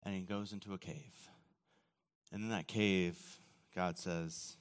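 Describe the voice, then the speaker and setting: A man preaching a sermon, telling the story casually with acted quotes, often dropping to a quiet, low voice. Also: fairly even intonation, takes it slowly, long pauses. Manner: casual storytelling with acted quotes and sudden drops to near-whisper. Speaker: pastor. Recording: long hall reverb.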